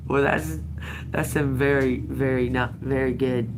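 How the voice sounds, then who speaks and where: A woman's voice: extremely low pitch, steady tone, takes it slowly, background noise. A woman doing a casual tarot reading, swearing, laughing often and talking to viewers as y'all. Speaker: tarot reader. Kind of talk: casual live tarot reading, reacting to chat.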